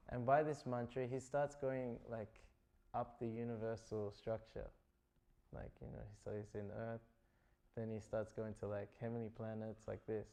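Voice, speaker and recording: Mellow-voiced man telling stories casually. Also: fairly low pitch, little pitch movement, a little slow, vocal fry. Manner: loose, chatty retelling full of "like" and "you know". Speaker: speaker giving a scripture class. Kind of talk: casual storytelling talk.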